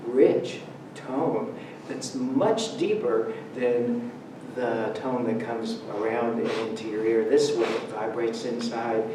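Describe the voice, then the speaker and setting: Against a noisy background, a man with a mid-range voice delivers a Sunday talk in a church sanctuary. His storytelling is conversational and funny, drawing laughs, and he's recorded far from the mic in the roomy church hall.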